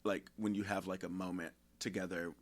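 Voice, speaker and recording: Man host, low voice, teasing and playful, unhurried casual chat. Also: little pitch movement. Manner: playful, teasing, sometimes drawn-out. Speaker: podcast host.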